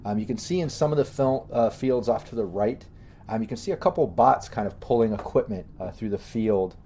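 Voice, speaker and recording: A man narrating as game master of a tabletop game in a loose, halting way with many fillers. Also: lowish voice, warm tone, slight background noise.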